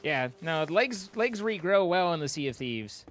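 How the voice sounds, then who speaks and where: A man's voice: a little high, sing-song, moderate pace, fairly bright tone. A man streaming a game, bantering and telling stories in a teasing, playful way. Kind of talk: casual gaming banter.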